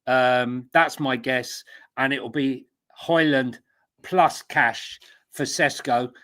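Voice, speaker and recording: A man's voice: medium pitch, fairly even intonation, slow pace, fairly bright tone. A man co-hosting a casual football podcast in a chatty, self-mocking way. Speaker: podcast co-host.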